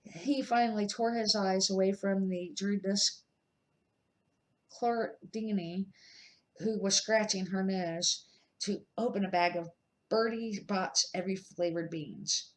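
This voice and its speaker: An older woman, a grandmother, reading a children's book aloud at an unhurried pace, with small slips and restarts. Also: mid-range voice, fairly even intonation, rough recording.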